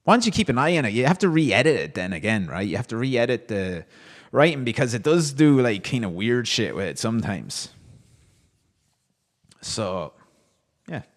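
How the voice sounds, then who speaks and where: A man's voice: mid-range voice, big pitch swings, normal speed, pauses often, long reverb tail. A man hosting a livestream, reading viewers' comments aloud and answering them with wry, amused banter. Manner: wry, chatty, reacts to chat with amused banter. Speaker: livestream host.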